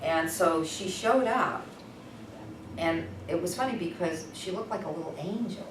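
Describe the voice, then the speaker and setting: An animated woman workshop presenter telling a story in a loose, conversational way. Her voice sits slightly low and sounds distant. It is captured in an echoing room with steady background noise. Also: a little slow. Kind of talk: storytelling teaching talk. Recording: echoey room from far off, noisy.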